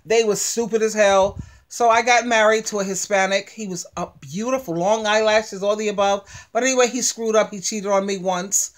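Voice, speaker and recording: A middle-aged woman with a mid-range voice speaks at a normal speed in a steady tone. As a relationship advice vlogger, she offers casual, emphatic commentary on a played clip, acting out sassy retorts.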